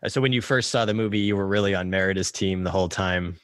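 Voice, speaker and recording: A man's voice: sits low, fast, a bit bright, no echo, studio quality. A man hosting a casual podcast, upbeat and playful, talking to a co-host over the internet. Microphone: podcast mic over the internet.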